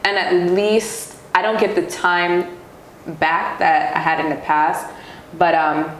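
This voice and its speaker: A young woman from Queens telling her story as a podcast guest, chatty, with many fillers. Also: on the low side. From Queens, New York. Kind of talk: casual podcast conversation. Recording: roomy sound with faint noise.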